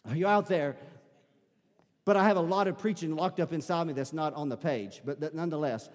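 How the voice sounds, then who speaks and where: A man's voice: a little high, fairly quick. A man preaching a sermon as pastor, building emphasis with repeated calls to his congregation. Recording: long hall reverb.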